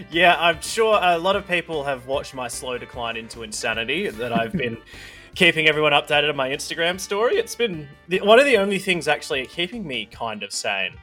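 A man's voice: on the high side, very animated, brisk, bright, forceful tone, faint music behind. A young man co-hosting a podcast in casual chat, laughing often and poking fun at himself. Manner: laughs often, chatty and self-mocking. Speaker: podcast co-host.

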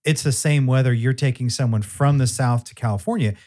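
A man's voice: medium pitch, fairly quick, darkish tone. A man hosting a casual interview podcast, thoughtfully summing up his guest's points. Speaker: podcast host.

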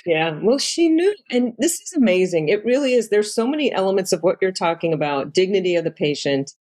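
A woman's voice: mid-range voice, sing-song, a little fast, darkish tone. A woman interviewing a guest, affirming what she hears and leading into follow-up questions. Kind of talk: conversational interview.

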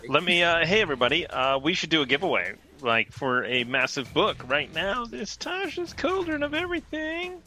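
A man's voice: a little high, big pitch swings, moderate pace, few pauses, sharp tone, soft background music. A man hosting a live stream, chatting casually and joking with viewers. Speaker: stream host.

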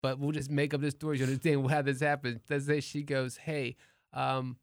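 A man who is a comedian, telling a story in casual chat in a lively, slangy, profane way. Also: mid-range voice, fast talker, dry recording, studio quality.

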